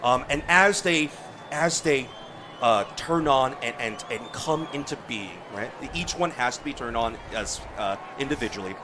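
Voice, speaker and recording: A man running a tabletop game as a wrestling announcer, shouting hype between filler-heavy narration. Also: mid-range voice, expressive, moderate pace, background noise.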